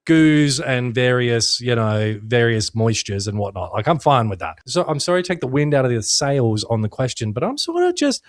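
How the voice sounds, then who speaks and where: Young Aussie male co-host, mid pitch, jokey and sweary, close dry mic. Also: big pitch swings, moderate pace, few pauses, no echo. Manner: laughs a lot, swears freely, jokey storytelling. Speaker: podcast co-host. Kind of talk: casual chat.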